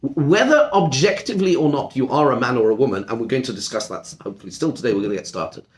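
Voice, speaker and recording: Animated, emphatic male rabbi teaching. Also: medium pitch, fast talker. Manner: animated, emphatic, repeats words while thinking. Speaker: rabbi teaching a seminar class. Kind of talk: discussion-style lecture.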